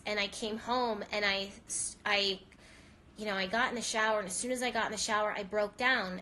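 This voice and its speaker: This spiritual reader and live-stream host is teary and shaking as she delivers an earnest, emotional monologue, rambling and restarting as she cries. Her voice is medium-pitched and a bit bright, with slight background noise.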